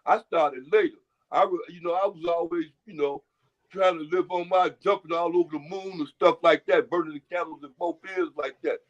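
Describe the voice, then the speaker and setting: A man with a fairly high voice rambles through a casual chat, looping back on his own words and dishing out folksy advice. The audio is muffled and lo-fi. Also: fairly quick.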